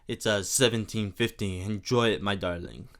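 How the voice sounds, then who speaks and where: A man voicing a smooth, flirtatious man with an exaggerated mock French accent, coaxing and suave. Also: fairly low pitch, moderate pace, a bit bright, voice pushed down. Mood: charming. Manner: suave, coaxing, sleazy charm.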